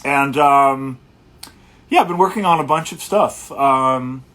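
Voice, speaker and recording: A man hosting a casual livestream as a guitarist, talking in a relaxed, rambling way and greeting viewers one by one. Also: medium pitch, slow.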